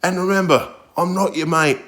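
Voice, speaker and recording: A man's voice: high voice, fairly even intonation, normal speed, fairly bright tone, pitched above the performer's own voice. A man voicing a stern, irritated male judge who speaks in a clipped, warning tone.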